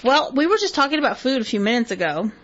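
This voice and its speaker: A woman's voice: a little high, sing-song, fast, dull audio, crowd noise. A woman co-hosting a radio show in casual chat, laughing often.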